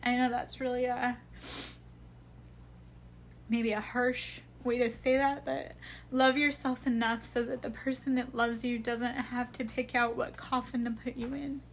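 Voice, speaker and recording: A woman's voice: on the high side, flat delivery, unhurried, a little hiss or hum. A woman hosting a live stream, giving an impassioned spiritual pep talk in casual speech and swearing freely.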